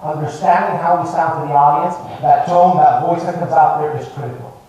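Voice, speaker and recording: A fairly high-voiced man gives a live coaching talk with emphatic, varied intonation and the odd stumble over repeated words. He sounds set back from the mic in a very echoey room. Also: fairly even intonation, fairly quick, warm tone, recorded from a distance, muffled recording. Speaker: presentation coach. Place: training room with contestants.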